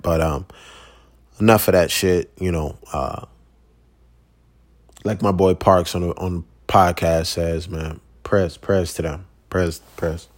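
Blunt, profane man ranting on a podcast. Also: low-pitched. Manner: blunt, profane, laid-back rambling. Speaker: podcast host. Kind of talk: casual solo podcast rant.

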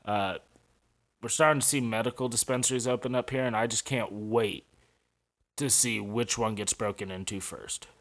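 Ranting, crude St. podcaster. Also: male voice, lowish voice, fairly even intonation, moderate pace, fairly bright tone. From St. Louis, USA. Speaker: podcast host. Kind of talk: profane podcast monologue.

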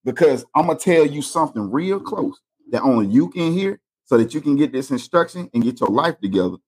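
On a casual faith podcast, a male co-host tells stories in an emphatic, preachy manner. His mid-range voice is animated and a little mellow, fairly quick, and slightly rough.

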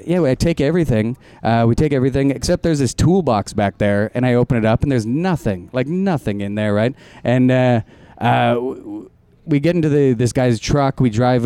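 A man's voice: mid-range voice, dark tone, clear, resonant tone, no room sound. A young man, a comedian, telling a rambling story in casual group chat, laughing often and acting out quotes.

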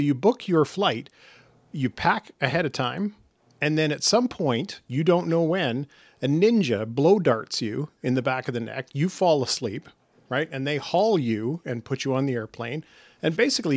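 A man, the show's technical producer, earnestly pitching a silly business idea with small hesitations. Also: dry recording. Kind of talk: comedy podcast banter.

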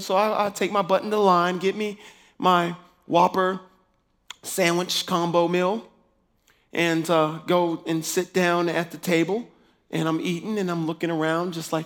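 A man with a fairly high voice tells his testimony like a preacher. He is animated and playful, and he acts out conversations as he talks. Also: unhurried. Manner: lively, acts out dialogue, laughs.

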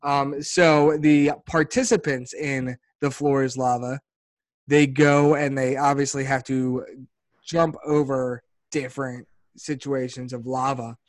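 A man co-hosting a casual sports podcast, talking in an animated, rambling way and laughing often. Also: medium pitch, slow pace, no room sound. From Philadelphia area. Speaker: podcast co-host.

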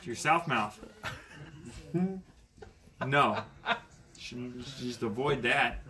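A man's voice: mid-range voice, very slow, pushed and bright. A man in casual podcast chat, swearing freely and rambling with frequent laughs. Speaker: skydiver and podcast guest.

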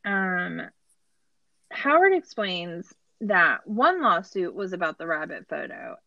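A woman's voice: medium pitch, a bit bright, no room sound, highs cut off. A woman hosting a casual podcast, recapping a show in a laughing, incredulous way, with lots of "like". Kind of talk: casual chat.

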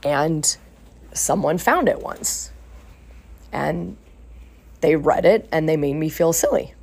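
A woman voicing her coaching client, a young mother who speaks haltingly and unsurely, in a husky voice. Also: deep voice, expressive, a little mellow, full character voice. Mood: hurt.

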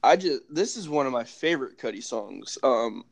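A man co-hosting a casual podcast, talking in halting phrases with many restarts. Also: mid-range voice, animated, creaky. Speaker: podcast co-host. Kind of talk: casual chat.

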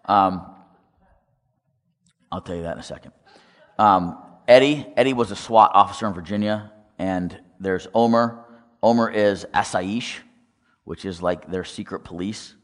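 Male speaker, very deep voice, testimony-style storytelling, reverberant hall. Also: unhurried, long pauses. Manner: storytelling, acts out quoted dialogue, asks audience questions. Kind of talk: testimony talk to a congregation.

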